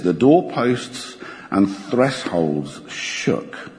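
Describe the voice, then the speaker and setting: A man preaching a sermon in a church, expressive and animated, slowing down dramatically for emphasis. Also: medium pitch. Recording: church hall reverb.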